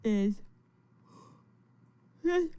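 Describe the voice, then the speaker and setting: A woman's voice: on the high side, animated, extremely slow, dark tone, smooth, dry recording. A tired woman livestreaming, chatting with viewers in a rambling, frank way. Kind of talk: casual livestream chat.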